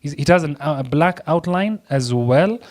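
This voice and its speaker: Excitable man teaching a design tutorial. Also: fairly high pitch, unhurried. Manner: excitable, chatty, laughs often. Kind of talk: screen-recorded software tutorial.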